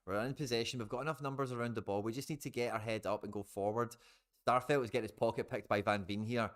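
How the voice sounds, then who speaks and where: A man's voice: medium pitch, fairly even intonation, quick pace. Chatty Scottish man streaming a football match. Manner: chatty, swears, talks to viewers as guys. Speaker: live football watchalong streamer. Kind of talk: casual live match commentary.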